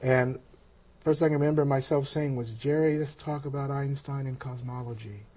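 A man telling a personal story of his spiritual experience, halting and reflective, with frequent pauses and restarts. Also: medium pitch, steady tone, dark tone. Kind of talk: personal testimony.

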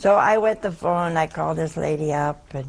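A woman's voice: low-pitched, a little fast, gravelly. An older woman, a nun, telling a humorous story to listeners in a chatty, self-mocking way. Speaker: nun giving a talk.

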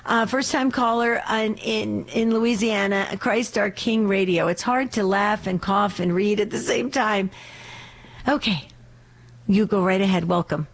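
A woman's voice: medium pitch, a little slow, gravelly. A woman co-hosting a religious radio show, chatting casually and introducing callers.

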